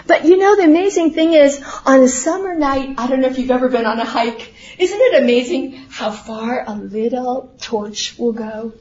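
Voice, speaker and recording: A middle-aged woman with a high voice delivers a prayer and a Bible talk in an earnest, conversational manner. She often turns points into rhetorical questions for her listeners. The recording sounds dull and lo-fi. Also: expressive, moderate pace, hardly any pauses, a little mellow. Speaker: speaker at a church gathering.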